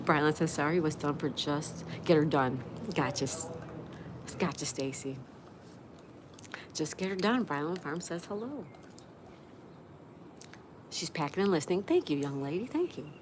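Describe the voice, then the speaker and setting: Woman host reading out chat comments, lowish voice, steady hiss behind her. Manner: chatty, reads viewer comments aloud and greets them by name. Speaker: live stream host. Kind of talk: casual live-stream chat reading comments. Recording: steady background noise.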